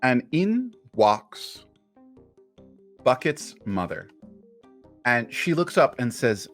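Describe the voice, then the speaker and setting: A man narrating as game master of a tabletop game, relaxed and unhurried. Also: mid-range voice, soft background music.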